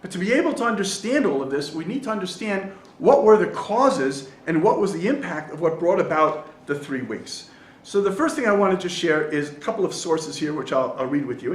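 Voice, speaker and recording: A rabbi with a slightly high, brisk voice teaches Torah to a group in a reverberant Jerusalem study hall. Animated and playful, he weaves in jokes and stories, acting out the voices of the people in them.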